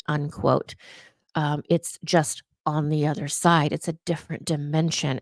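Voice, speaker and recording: A woman's voice: sits low, vocal fry, no echo. A woman who works as a psychic talking in a casual vlog monologue, earnest and repeating words for emphasis. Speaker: psychic and vlogger.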